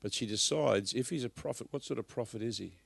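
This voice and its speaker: A man preaching a live sermon at a church service, emphatic, swinging from loud bursts to hushed asides. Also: medium pitch, fast talker, creaky, husky, dry recording.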